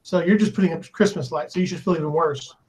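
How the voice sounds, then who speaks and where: A man's voice: fairly high pitch, fast, poor audio. A man with a Texan American accent in casual group chat over a video call, joking and laughing often. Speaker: guest chatter on a live art stream.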